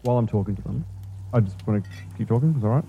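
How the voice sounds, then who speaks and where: A man playing a tabletop game, joking with quick asides. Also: lowish voice, phone-quality sound, a little hiss or hum. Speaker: tabletop player. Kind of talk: casual game chat.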